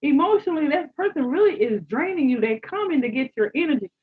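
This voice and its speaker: A woman giving a live tarot reading, animated, exclaiming and repeating phrases to her listeners. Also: high-pitched, fast. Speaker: tarot reader. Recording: dull lo-fi sound.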